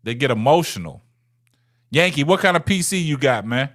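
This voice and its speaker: A man's voice: mid-range voice, lively intonation, moderate pace, fairly bright tone. A man, hosting a casual livestream and talking to viewers in the chat. He taunts them, repeats himself and ends many phrases with "man". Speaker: livestream host.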